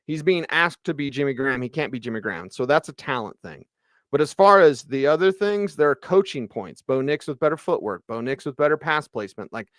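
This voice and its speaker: A man hosting a solo postgame livestream, giving a casual, animated football recap and reading viewer comments aloud. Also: fairly high pitch, no room sound, studio quality. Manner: casual, animated, reads live chat aloud. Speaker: sports radio host.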